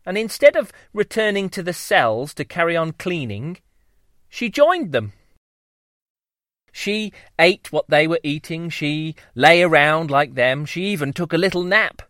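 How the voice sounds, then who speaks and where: A man reads a children's story at an unhurried pace, drawing out his words with playful relish. His voice rises and falls a great deal and sits a little high. The sound is close and dry. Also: no room sound. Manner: lively, playful, drawn-out delivery.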